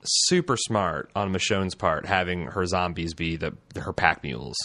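A man's voice: low voice, normal speed, sharp tone, dry recording, clean studio sound. A man co-hosting a podcast in a casual chat, making wry jokes and asides. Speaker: podcast co-host.

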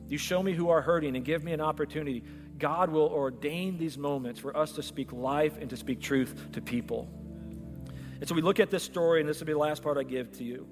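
Man, pastor, storytelling sermon, slightly high voice, long hall echo. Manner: storytelling, acts out dialogue.

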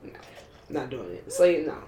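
A woman co-hosting a podcast, chatting casually in a blunt, animated way and laughing often. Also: low-pitched, moderate pace, reverberant. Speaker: podcast co-host. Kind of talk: casual chat.

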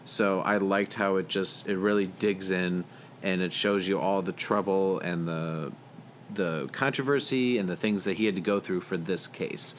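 Young male co-host, lower register, easygoing rambler, faint noise in the recording. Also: fairly even intonation, moderate pace. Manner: rambling, filler-heavy, chuckles often. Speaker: podcast co-host. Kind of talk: casual movie chat.

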